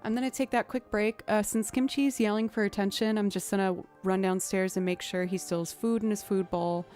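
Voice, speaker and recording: A woman's voice: medium pitch, steady tone, a little fast, a little mellow. Chatty woman streamer, music faint behind. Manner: chatty, thanks viewers, frequent fillers. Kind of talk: casual live-stream chat.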